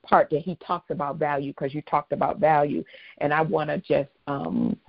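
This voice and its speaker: Lowish-voiced woman host, affirming. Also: little pitch movement, moderate pace, vocal fry, husky. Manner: affirming, frequent backchannel murmurs; emotional, openly moved. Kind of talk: casual conversation. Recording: dull lo-fi audio.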